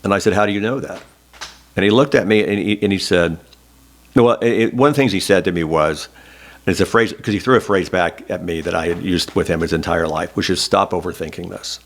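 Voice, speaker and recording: A man's voice: deep voice, brisk. A middle-aged man from Oklahoma, a guest in an oral history interview, telling a candid, emotional story and close to tears at times. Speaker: interview guest, former state senator.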